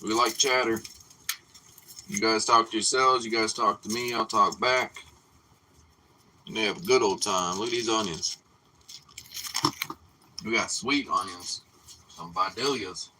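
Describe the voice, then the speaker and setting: Sharp-voiced man chatting on a home livestream. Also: on the low side, steady tone, a little slow, long pauses, a little hiss or hum, low-quality recording. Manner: chatty, swears freely, talks to viewers. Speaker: livestream cooking host. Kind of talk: casual live-stream chat while cooking. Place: home kitchen.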